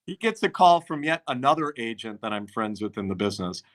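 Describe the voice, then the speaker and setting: A concert promoter with a medium-pitched voice chats on a casual podcast, speaking fairly quickly. His anecdotes are lively, and he acts out the quotes of the people in them.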